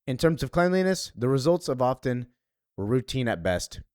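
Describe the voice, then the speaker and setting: A man reading as a young girl narrator from a comic book who talks in formal, wordy sentences with a sharp tongue. The reading is plain and dry, in a mid-pitched voice. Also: big pitch swings, normal speed, no echo, lightly acted.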